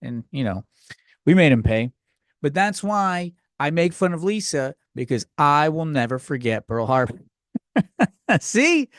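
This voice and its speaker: Very animated yet measured in pace, a man with a slightly high, fairly bright voice rambles through a solo comedy podcast, jumping between thoughts and poking fun at himself. The sound is clean studio quality with no room sound.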